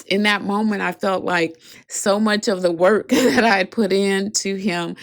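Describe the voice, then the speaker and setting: A woman's voice: mid-range voice, fairly even intonation, moderate pace. A woman in her forties hosting her own podcast, telling a personal story in a heartfelt, earnest way, her voice cracking with emotion. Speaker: podcast host. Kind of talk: reflective solo podcast storytelling.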